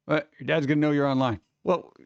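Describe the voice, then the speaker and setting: A man hosting a livestream, chatting casually and rambling excitably with viewers, often laughing. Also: fairly high pitch, moderate pace, vocal fry, dry recording, lo-fi sound. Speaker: livestream host. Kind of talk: casual chat with live viewers.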